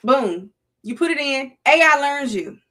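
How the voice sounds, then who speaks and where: A woman's voice: high voice, lively intonation, measured pace, sharp tone. A middle-aged woman with a Southern US accent, hosting a casual livestream in a playful, preachy way and talking to her chat. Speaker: livestream host.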